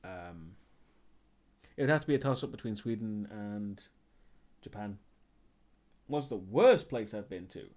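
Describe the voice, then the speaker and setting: A man's voice: lowish voice, animated, a little slow, long pauses, a little mellow. A man streaming live and chatting casually as he answers viewer questions, rambling and hesitant, with many ums and restarts.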